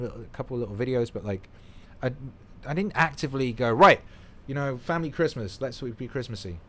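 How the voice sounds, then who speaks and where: A man chatting on his own livestream, loose and excitable, cursing freely. He drops to a mumble, then bursts out loud and gushing. His voice sits at an ordinary middle pitch for a man. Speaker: livestream host. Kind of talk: casual livestream chat.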